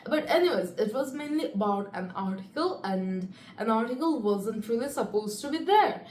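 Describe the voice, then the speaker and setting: A chatty teenage girl with a fairly high voice talks casually to the camera, rambling through her story with lots of fillers. The room is echoey, with a faint hum of ambient noise behind her. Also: lively intonation, moderate pace, darkish tone. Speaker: student vlogger. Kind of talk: casual talking-to-camera vlog.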